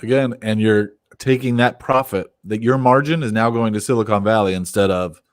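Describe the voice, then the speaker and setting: A man's voice: on the low side, fairly quick, dry recording, studio quality. A man co-hosting a podcast in casual chat, giving business-minded opinions in a conversational way. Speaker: podcast co-host.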